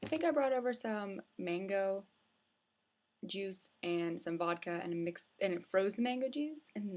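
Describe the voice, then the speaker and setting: A young woman vlogs from home with her hood up, telling a casual, rambling story full of filler likes and restarts. Her mid-range voice is expressive, a little mellow and moderately paced.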